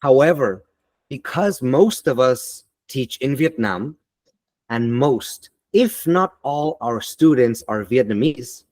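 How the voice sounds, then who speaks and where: A man giving an online teaching webinar in a deliberate, emphatic and motivational way, on a computer mic over a video call. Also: medium pitch, expressive, darkish tone, dry recording.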